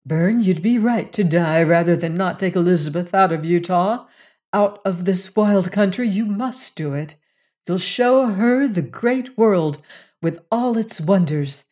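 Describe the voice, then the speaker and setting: A woman reading aloud and voicing a gentle, selfless woman rancher who speaks softly and earnestly. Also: lowish voice, measured pace, lightly acted. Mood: tender. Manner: soft, earnest, musing.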